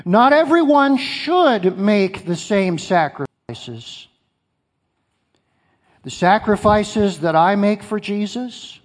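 A male pastor preaching a sermon, emphatic, repeating key phrases and asking his congregation questions. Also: high voice. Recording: long hall reverb.

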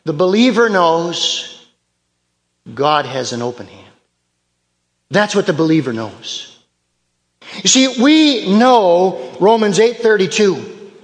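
Pastor, male, high voice, deliberate slow delivery, emphatic repeats, echoing hall. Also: big pitch swings. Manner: emphatic preaching with repeated phrases. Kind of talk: sermon.

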